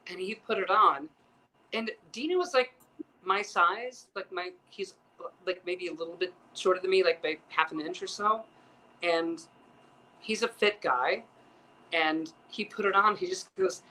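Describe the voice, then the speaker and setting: A man's voice: high-pitched, a little slow, long pauses, rough recording. A man hosting a casual chat show from a piano bar, telling stories in a campy, chatty way, swearing freely and acting out the people he quotes. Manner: chatty, campy and profane, with animated quoted voices. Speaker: host.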